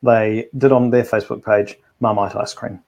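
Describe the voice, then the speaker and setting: A man's voice: fairly low pitch, flat delivery, normal speed, gravelly, a little mellow. A man co-hosting a casual live food show, talking in a rambling way full of restarts and fillers. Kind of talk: casual live-stream chat.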